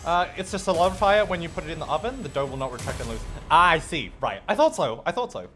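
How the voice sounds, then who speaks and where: Young male streamer, high and very animated voice, playful casual chat over faint game music. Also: fast. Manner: chatty and playful, reacts to chat. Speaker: streamer and host. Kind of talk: casual live-stream chat while gaming.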